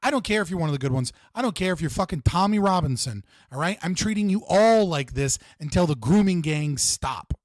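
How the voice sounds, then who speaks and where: A man's voice: on the high side, expressive, fairly quick, hardly any pauses, dry recording, studio quality. A man hosting a live stream, ranting in a heated, profane way and repeating himself for emphasis. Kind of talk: livestream political rant.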